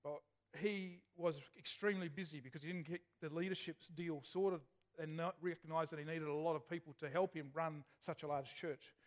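A male pastor preaching a sermon in a chatty way, often asking the congregation questions. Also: fairly high pitch.

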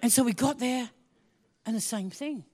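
A woman preaching a sermon, telling a personal story with animated swings between hushed asides and excited exclaiming. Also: a little high, moderate pace, husky.

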